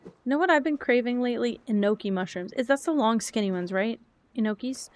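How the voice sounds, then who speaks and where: A woman's voice: fairly high pitch, a little fast. A young woman chatting casually while streaming a cozy game, rambling, thinking aloud and answering chat.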